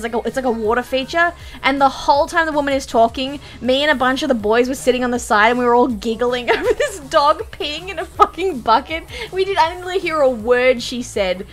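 Young woman streamer, giggly and animated, swears casually, slightly high voice, soft music underneath. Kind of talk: casual reaction chat.

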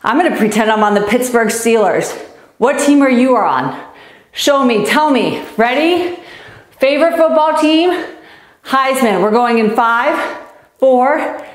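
Upbeat woman coaching a kids' warm-up. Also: fairly high pitch, expressive, a little slow, reverberant. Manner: upbeat, encouraging, counts down and cheers. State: out of breath. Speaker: youth tennis coach. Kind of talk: energetic live-stream fitness coaching.

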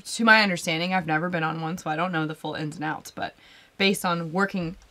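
Bright-voiced chatty woman co-host. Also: on the low side, fast talker. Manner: chatty, expressive, reads viewer comments. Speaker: podcast co-host. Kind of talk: casual live chat.

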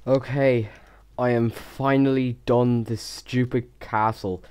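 A man's voice: mid-range voice, steady tone, slow, a little mellow, smooth. A young man rambling casually as he voices over his game time lapse, stuttering and poking fun at himself. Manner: rambling, stuttering, self-mocking. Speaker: Minecraft YouTuber.

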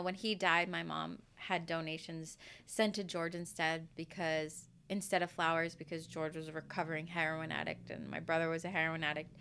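A woman's voice: lowish voice, gravelly, fairly bright tone, slight background noise. A woman with a Boston accent, a yoga and breathwork teacher talking as a guest in a casual interview. She speaks candidly, rambles a little and swears freely.

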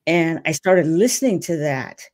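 A woman's voice: low voice, lively intonation, normal speed, a little mellow. A woman hosting a podcast, chatting casually and reacting with enthusiasm. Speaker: podcast host. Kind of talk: casual conversational interview.

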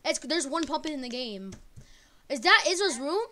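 A woman streaming a game with teammates, yelling and trash-talking loudly with lots of swearing. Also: high-pitched, animated, normal speed. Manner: loud, profane trash-talking. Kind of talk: live game-stream chatter. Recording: noisy stream audio.

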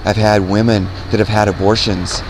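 A man's voice: fairly low pitch, flat delivery, normal speed. Earnest man preaching outdoors by traffic. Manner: earnest, repeats himself, quotes scripture, asks "right?". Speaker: street preacher. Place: outdoors by a road.

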